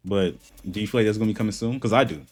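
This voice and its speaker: A man's voice: on the low side, rapid-fire, darkish tone, soft background music. A man hosting a reaction channel, giving blunt, heated commentary and repeating his points for emphasis.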